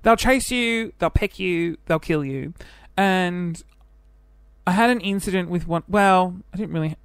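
A man's voice: high voice, unhurried, clean tone, no room sound. Chatty Australian man, dry close sound. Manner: chatty, self-deprecating, jumps between topics. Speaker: podcast host. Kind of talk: casual solo podcast monologue.

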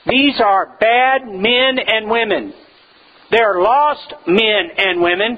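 A man's voice: extremely high pitch, dull audio. A man preaching a sermon as pastor, emphatic and repeating his key phrases to drive them home.

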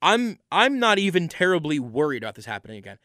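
A man's voice: on the high side, very animated, fast talker, sharp tone, dry recording, studio quality. A man hosting a sports podcast, giving an opinionated solo analysis and repeating words for emphasis. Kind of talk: solo football analysis monologue.

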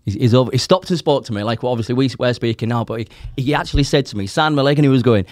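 A man in his forties, a podcast guest telling his story in casual, animated chat, quoting people and swearing as he goes. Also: mid-range voice, very fast, no echo. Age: 40s.

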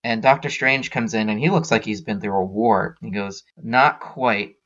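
Man, podcast host, casual storytelling, lots of fillers, slightly low voice, muffled lo-fi audio. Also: normal speed. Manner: relaxed retelling with frequent fillers. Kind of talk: casual comic recap.

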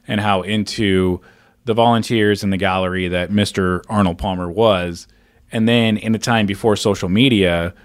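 A man's voice: low-pitched, dry recording, clean studio sound. A man co-hosting a podcast, chatting casually and reading out listener questions with a joking touch. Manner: reads listener questions, jokey. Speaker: podcast co-host. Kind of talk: casual chat.

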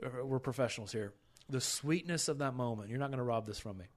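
A man with a mid-range voice talks at a quick pace while hosting a rehab ministry podcast. His candid faith chat is earnest and emotional, with many restarts.

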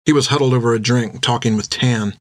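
A man narrating an adventure audiobook with steady storytelling. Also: mid-range voice, fairly quick, no echo, clean studio sound.

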